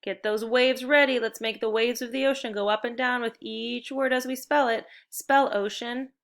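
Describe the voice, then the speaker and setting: A woman teacher leading a spelling lesson for young children, upbeat and encouraging as she gives clear step-by-step directions. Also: fairly high pitch, steady tone, normal speed.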